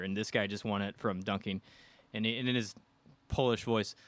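A man's voice: lowish voice, fast talker, no room sound. A man from the American Midwest, a guest telling a casual anecdote on a podcast, acting out quotes from the people in it. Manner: animated, acts out quotes from the people in his story. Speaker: guest storyteller.

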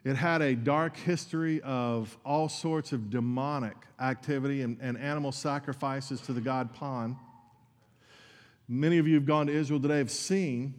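A man's voice: mid-range voice, fairly even intonation, moderate pace, in a large hall. A man preaching a sermon as pastor, earnest and conversational, with asides to his congregation.

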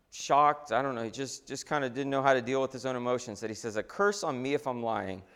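A man preaching a sermon in a conversational, animated way, often restarting his phrases. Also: mid-range voice. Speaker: pastor. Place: church sanctuary. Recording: long hall reverb.

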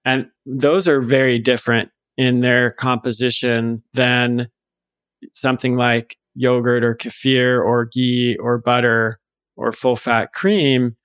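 A man, a guest on a podcast, explaining health topics in a measured way with small restarts. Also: mid-range voice, level tone, fairly bright tone, clear, resonant tone, no room sound. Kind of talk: conversational podcast interview.

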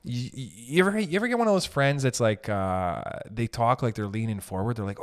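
A man ranting casually as a podcast host, profane and animated, swinging between loud bursts and muttered asides. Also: medium pitch, fairly quick. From raised in an Italian family. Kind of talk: casual comedic rant.

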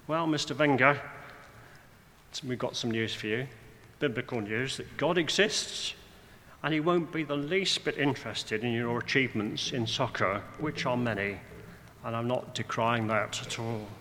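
Male preacher, bright forceful voice, measured sermon delivery, dry asides, long hall reverb, faint room noise. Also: mid-range voice. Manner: measured, slowing for emphasis, dry wry asides.

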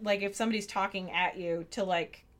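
A woman co-hosting a casual chat, animated and peppering her talk with "like". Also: medium pitch, a little fast. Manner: animated, frequent "like", laughing asides. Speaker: podcast co-host.

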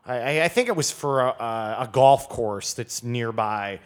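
A smooth, medium-pitched male voice moves at a measured pace. The speaker is a guest wine expert in a relaxed podcast chat, telling rambling stories filled with fillers and restarts.

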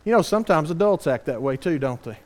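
High-voiced preacher. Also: male voice, fast. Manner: earnest, animated preaching with rhetorical questions. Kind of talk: sermon.

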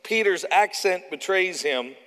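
Man, Canadian accent, preacher, conversational sermon, animated, fairly high voice, long hall reverb. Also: a little slow, clear, resonant tone. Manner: conversational, animated, acts out quotes.

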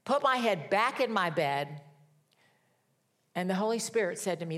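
Preaching with an expressive, slightly bright medium-pitched voice, a middle-aged woman reads scripture slowly and with weight. She also tells personal anecdotes in a relaxed, conversational way.

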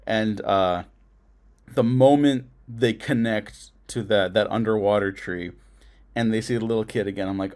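A man's voice: on the low side, normal speed, a little mellow. A man co-hosting a casual film review podcast, earnest and profane, laughing often as he recounts his own reactions.

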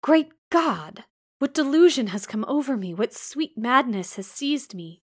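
A woman voicing a blind, anguished gentleman. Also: flat delivery, measured pace, natural voice. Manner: urgent, pleading, raised and higher. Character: blind, anguished middle-aged man, imperious.

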